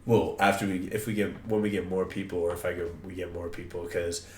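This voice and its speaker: Man, podcast co-host, low voice, rambling, swearing, excitable bursts, echoey room. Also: a little fast, slight background noise. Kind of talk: casual podcast chat. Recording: roomy echo.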